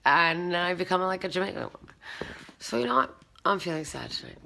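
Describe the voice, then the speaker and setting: A woman who was once a stand-up comedian, speaking in a casual, rambling, soft-spoken, self-deprecating monologue. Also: lowish voice, animated, fairly quick, creaky, slight background noise.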